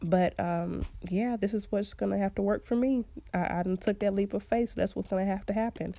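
A woman's voice: mid-range voice, steady tone, a little fast, creaky, dark tone, dry recording. A young woman hosting a podcast, giving casual advice in a chatty way and laughing often. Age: young adult. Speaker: podcast host.

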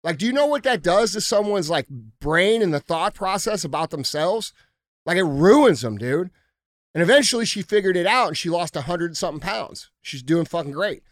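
A man's voice: sits high, expressive, moderate pace, no echo, studio quality. Blunt, profane man ranting on a podcast. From United States. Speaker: podcast host. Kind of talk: casual podcast talk.

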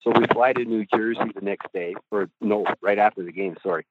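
A man's voice: fairly low pitch, brisk, heavy background noise. A middle-aged man, a goalie coach, telling rambling stories on a podcast with chuckles and casual swearing. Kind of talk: podcast storytelling. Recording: tinny phone-like line, dry.

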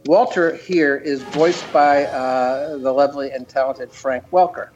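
A man's voice: medium pitch, steady tone, a little slow, darkish tone, soft background music, poor audio. A man chatting as an interview guest, rambling with lots of restarts. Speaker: guest, cartoon creator. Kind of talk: casual interview chat.

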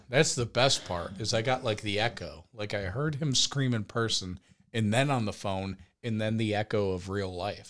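Animated young man telling a crude story. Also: lowish voice. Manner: animated storyteller, breaks into laughter, shouts quoted lines. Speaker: podcast co-host. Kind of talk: casual storytelling chat.

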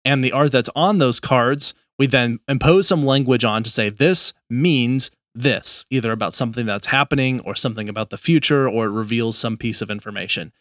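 A man co-hosting a casual podcast, explaining ideas in a measured, thoughtful way. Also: medium pitch, fairly bright tone, no room sound, clean studio sound. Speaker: podcast co-host.

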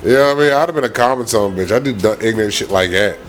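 A man's voice: lowish voice, racing, soft background music. A man chiming in on a podcast with crude, joking one-liners and laughing often. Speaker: podcast co-host. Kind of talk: casual chat.

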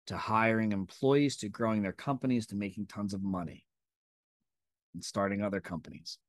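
A man's voice: lowish voice, normal speed, dry recording, studio quality. A man in his thirties hosting a podcast, giving an intense, profane and emphatic motivational monologue. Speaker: podcast host.

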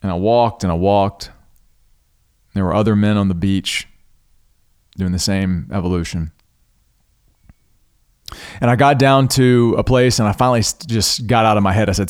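Male podcast host, earnest and devout, slightly low voice, reflective storytelling with pauses. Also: fairly even intonation. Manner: earnest, unhurried, pauses and restarts mid-thought; spiritual, devout tone.

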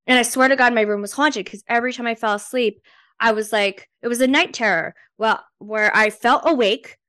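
A woman's voice: fairly high pitch, a little fast, bright, forceful tone, dry recording, clean studio sound. A woman with a New Jersey accent co-hosting a podcast, chatting casually with many fillers and incredulous teasing. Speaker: podcast co-host. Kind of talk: casual chat.

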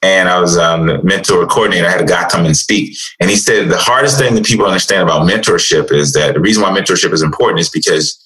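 A man as a guest, telling motivational stories in an animated way. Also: low voice, quick pace, few pauses, rough recording. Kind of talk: casual conversation.

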